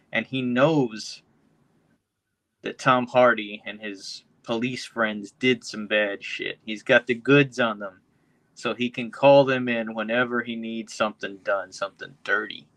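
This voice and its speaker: Bright-voiced man recapping films. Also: medium pitch, fairly even intonation, a little slow, dry recording. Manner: profane, rambling film recaps. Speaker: podcast co-host. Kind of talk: casual podcast chat.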